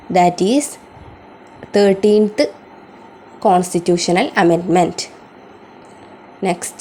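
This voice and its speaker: Slow woman reading exam answers aloud. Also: medium pitch, warm tone, a little hiss or hum, low-quality recording. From India. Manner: repeats each question slowly before answering. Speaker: student tutor.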